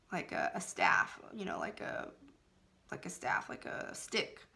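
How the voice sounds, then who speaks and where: A woman's voice: medium pitch, vocal fry, bright, forceful tone. A woman speaking as a spiritual coach in an earnest, emphatic motivational talk, laughing now and then.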